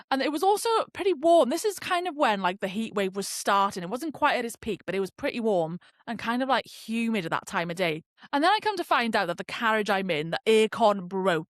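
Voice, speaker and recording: Woman host, lively pitch, a bit high, chatty and profane, dry close sound. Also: no echo. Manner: animated, chatty, swears freely. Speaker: podcast host. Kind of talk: casual storytelling monologue.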